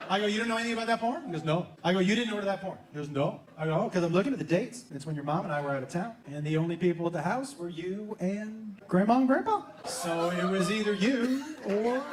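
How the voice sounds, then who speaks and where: A man's voice: high-pitched, fast, few pauses, roomy sound, a crowd in the background. A man doing stand-up comedy, telling family stories in a dry, amused way.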